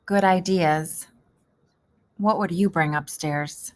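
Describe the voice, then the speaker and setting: A woman teaching a kindergarten reading lesson, gentle and encouraging, who asks the children questions and then answers them. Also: fairly low pitch, slow pace.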